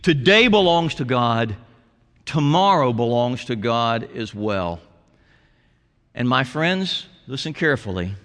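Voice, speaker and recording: Bright-voiced pastor preaching in a reverberant church. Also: male voice, medium pitch. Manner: storytelling with quoted voices, soft and intimate at times. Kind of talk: sermon. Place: church sanctuary. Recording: long hall reverb.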